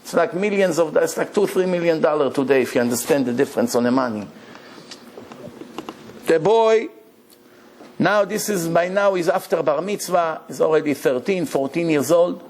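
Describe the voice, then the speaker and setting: A high-voiced rabbi preaching through a story, animated and emphatic. His pitch runs high for a man. A faint bed of noise sits under the voice. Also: moderate pace. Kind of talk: storytelling sermon.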